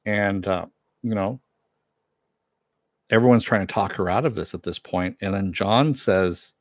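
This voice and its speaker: Reviewing a TV show, a low-voiced man rambles through an episode recap, retelling the characters' lines in his own words and leaning heavily on fillers and restarts. He speaks at normal speed with long pauses, and the recording is close and dry with no room sound.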